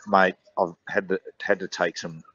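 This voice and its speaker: A rambling Australian man with a very low voice, chatting on sports radio and tripping over his words as he tells stories. The sound is dry and slightly dull, straight off a studio mic. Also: level tone, moderate pace, sharp tone, slightly rough, dry recording. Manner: rambling storyteller, stammers and says mate often. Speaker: radio co-host. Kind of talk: casual sports radio banter.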